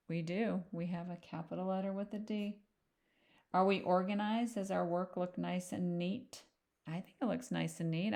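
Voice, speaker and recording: A woman teaching young children to read, patiently sounding out letters and words one at a time in a slow, gentle phonics lesson. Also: lowish voice, gravelly. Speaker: reading teacher.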